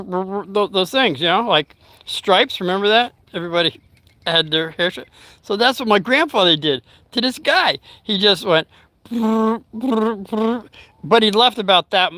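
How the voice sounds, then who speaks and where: An older man vlogger tells a rambling story to his live chat during a casual storytelling livestream, pausing to talk to his dog. His voice sits high with a sharp tone, and there's no room sound.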